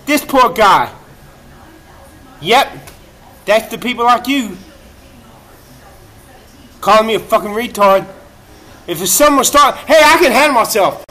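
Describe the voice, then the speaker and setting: A man ranting on a livestream in a profane, erratic, self-pitying way, breaking into shouts at times, recorded in a laundromat. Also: high voice, lively intonation, a little slow, long pauses.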